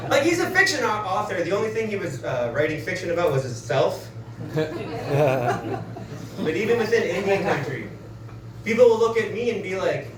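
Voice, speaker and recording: Animated, high-voiced man doing stand-up. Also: normal speed, pauses often. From Manitoba, Canada. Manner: animated, self-deprecating, laughing through punchlines. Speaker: stand-up comedian. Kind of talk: stand-up comedy set. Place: comedy club stage. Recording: roomy club recording from a distance, audience noise.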